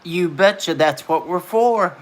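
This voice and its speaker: A woman's voice: lowish voice, a little slow. An older woman hosting a casual livestream from home, chatting and answering her viewers' comments by name. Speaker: livestream host.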